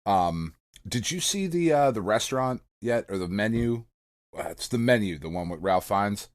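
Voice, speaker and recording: Animated, swearing male podcast co-host. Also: lowish voice, moderate pace. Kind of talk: casual chat.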